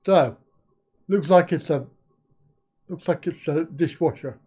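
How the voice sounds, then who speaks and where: A man's voice: a little high, slow pace, darkish tone, slightly rough, lo-fi sound. An older man hosting a live stream, chatting casually, reading out viewer comments, swearing lightly and laughing often.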